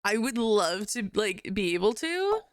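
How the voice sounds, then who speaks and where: A young adult woman chatting casually with her live-stream viewers, giggly and animated, swearing now and then. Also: medium pitch, unhurried, no echo, studio quality.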